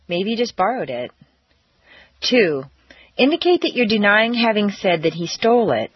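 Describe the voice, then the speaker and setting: A woman leads an audio pronunciation lesson in a clear, deliberate voice, leaning hard on stressed words. Her pitch swings widely and her tone is a little husky. It is a dry, somewhat dull recording. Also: sing-song, no echo. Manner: clear, deliberate instruction with exaggerated word stress. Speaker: pronunciation teacher. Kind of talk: scripted language-course narration.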